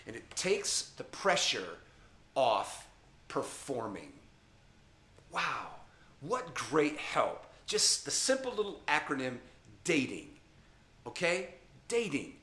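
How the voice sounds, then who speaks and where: A middle-aged youth ministry speaker talks informally to a camera, teaching young people about dating. His medium-pitched voice is sing-song and sharp, slow, with long pauses, in a roomy space. He's emphatic and repetitive, often checking in with listeners by asking "okay?"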